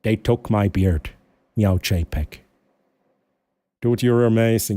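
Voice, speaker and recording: A man from Switzerland with a Swiss German accent, a native Swiss German speaker chatting casually with his stream viewers in English, often pausing and restarting as he searches for words. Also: fairly low pitch, dark tone, no echo. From Switzerland, Aargau. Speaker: live streamer.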